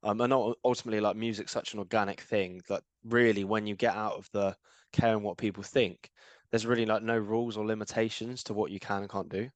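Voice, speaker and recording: A man hosting a music podcast, relaxed and encouraging, with many "like" fillers. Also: on the low side, fairly quick, dry recording. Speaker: podcast host. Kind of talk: casual podcast interview.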